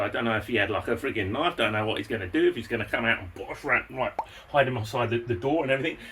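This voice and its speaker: A middle-aged vlogger tells a story to the camera, excitable and chatty, swearing mildly and chuckling along the way. His voice is mid-range, with slight background noise.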